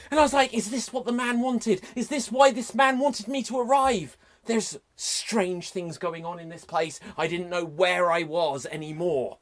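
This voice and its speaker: A man improvising an over-the-top dramatic story, swinging from hushed narration to shouts. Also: high-pitched, moderate pace, few pauses. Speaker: improv performer. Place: live online improv show.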